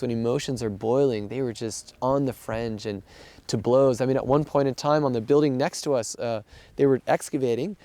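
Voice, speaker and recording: A man with a mid-range voice, heard over background noise, works as a missionary aid worker. He casually and earnestly recounts events, acting out the dialogue as he goes.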